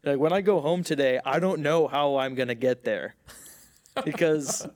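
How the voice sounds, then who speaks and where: A man's voice: on the high side, moderate pace. A man from Philadelphia co-hosting a casual chat, speaking in a dry, matter-of-fact way. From Philadelphia, USA. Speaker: podcast co-host.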